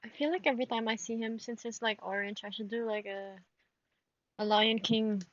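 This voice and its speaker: A woman's voice: on the high side, steady tone, normal speed, no echo. A woman streaming live, chatting to her cat in a giggly, baby-talking way. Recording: dull lo-fi stream audio.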